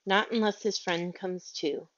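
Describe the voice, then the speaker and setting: A woman voicing a prim, self-assured nanny who speaks crisply and matter-of-factly, in a storybook reading. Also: mid-range voice, steady tone, measured pace, natural voice. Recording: dull lo-fi audio.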